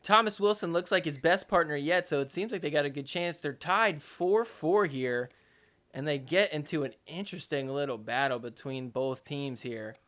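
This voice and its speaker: A young man hosting a podcast, recapping match footage in a joking, excitable way with mock outrage. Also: on the high side, normal speed. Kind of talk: casual sports recap commentary.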